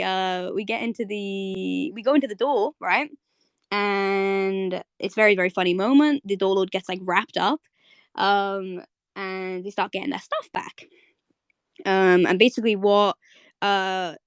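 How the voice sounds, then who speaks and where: A woman hosting a live audio chat, casually retelling a cartoon episode as an excited fan who keeps asking "right?". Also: medium pitch, no room sound. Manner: chatty, fan-excited, many fillers and "right?".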